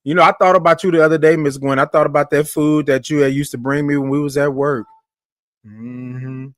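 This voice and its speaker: A man's voice: on the high side, flat delivery, no room sound. Chatty male morning-show host, dry sound. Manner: greets viewers by name with drawn-out, sung greetings; Southern-style informal speech, says "y'all". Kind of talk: casual live-stream chat.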